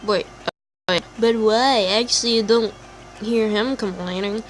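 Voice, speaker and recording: A woman's voice: mid-range voice, fairly even intonation, unhurried, soft background music. A woman playing a story game, reading its text aloud and chatting with giggly side comments. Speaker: let's play gamer.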